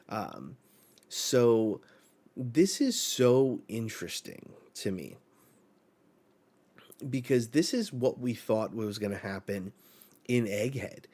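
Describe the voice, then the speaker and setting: Slow, rambling man reacting to a manga. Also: fairly low pitch, big pitch swings, a little mellow, husky. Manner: rambling, filler-heavy, thinking aloud; reads lines aloud in a slightly raised voice. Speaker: manga reaction channel host. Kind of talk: casual live reading and reaction.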